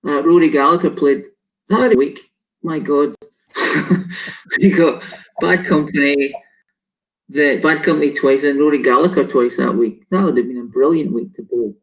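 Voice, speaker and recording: A man's voice: fairly high pitch, moderate pace, low-quality recording. A man co-hosting a casual chat, rambling and laughing as he loses his train of thought. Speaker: co-host.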